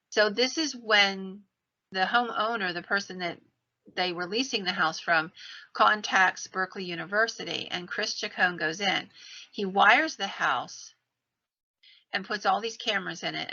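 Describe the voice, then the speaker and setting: A woman hosts a podcast, retelling ghost stories in a casual, animated way. Her voice is bright and clear-toned. The recording sounds a little dull and lo-fi. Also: mid-range voice. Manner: animated retelling, acts out quoted lines in her own voice. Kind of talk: casual storytelling. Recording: slightly dull lo-fi podcast audio.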